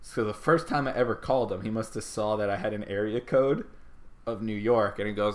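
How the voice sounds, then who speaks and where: A man's voice: lowish voice, a little fast. A man co-hosting a podcast in casual chat, telling stories animatedly and laughing often. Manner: animated storyteller, laughs often, does voices. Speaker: podcast co-host.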